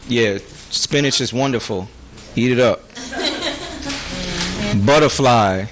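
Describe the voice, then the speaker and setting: A man teaching a beginner Hebrew class, quizzing students on words and joking with them in a casual way. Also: mid-range voice. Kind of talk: classroom lesson.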